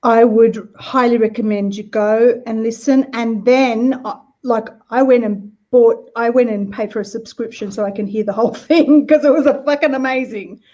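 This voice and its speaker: A woman's voice: on the high side, moderate pace, hardly any pauses, mellow. A woman guest chatting in a bubbly, laughing way on a live video call. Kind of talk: casual live-stream chat. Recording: dull lo-fi video call audio.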